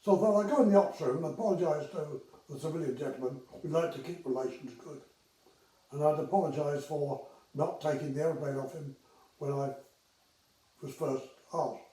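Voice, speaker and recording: Older man, anecdotes, mellow tone, echoey distant mic. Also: a little high, normal speed. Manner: chatty, with hesitations and acted-out dialogue. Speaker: retired air traffic controller telling anecdotes. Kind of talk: casual storytelling.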